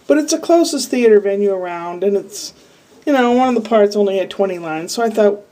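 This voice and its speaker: A woman's voice: mid-range voice, expressive, fairly quick, warm tone. A woman from Iowa talking to camera in a casual, rambling, candid diary-style monologue full of asides. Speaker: vlogger. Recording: voice a bit far from the mic.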